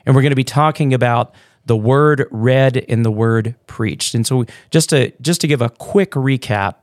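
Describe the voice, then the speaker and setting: A man who is a pastor, co-hosting a church podcast in relaxed, joking chat with many fillers and restarts. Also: mid-range voice, normal speed, dry recording, clean studio sound. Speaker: pastor, co-host.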